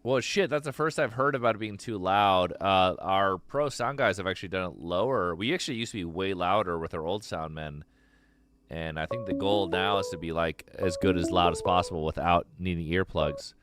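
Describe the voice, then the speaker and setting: Profane, rambling stream host, low voice. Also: male voice, moderate pace. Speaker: host taking live calls. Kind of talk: casual live-stream chat. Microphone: streaming mic.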